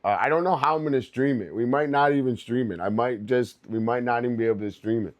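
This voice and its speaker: A man's voice: mid-range voice, quick pace, highs cut off. A young man livestreaming in loose, rambling casual chat, laughing often and calling his viewers dude and bro.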